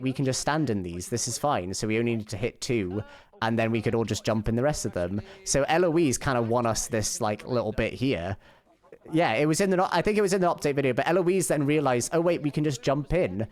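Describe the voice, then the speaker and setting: A man streaming a casual recap, talking in an excited, emotional, rambling way, full of restarts. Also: medium pitch.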